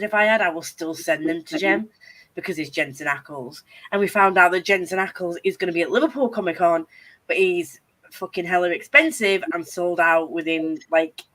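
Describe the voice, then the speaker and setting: A woman's voice: on the low side, fairly bright tone. A young adult woman hosting a casual chat, rambling along and swearing freely. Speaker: host.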